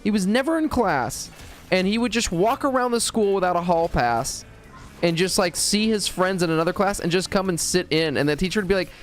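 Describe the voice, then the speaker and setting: A man's voice: high-pitched, lively intonation, brisk, faint music behind. A man from the United States streaming live and rambling through a profane, joking story. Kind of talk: casual storytelling.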